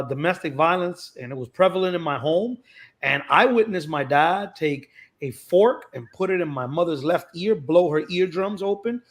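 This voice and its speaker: A man's voice: on the high side, fairly bright tone. A man who is a pastor, speaking in an earnest, preacherly way as he shares his testimony. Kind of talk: reflective testimony.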